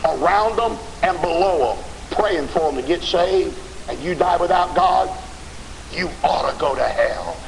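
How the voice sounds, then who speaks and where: Fiery preacher in an echoey hall. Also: male voice, a little high, expressive, unhurried, gravelly, a little hiss or hum. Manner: dramatic, emphatic preaching. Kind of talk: fiery revival sermon.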